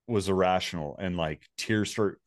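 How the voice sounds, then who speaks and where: A man's voice: deep voice, moderate pace, dry recording, clean studio sound. A man casually telling a personal story, rambling and swearing freely.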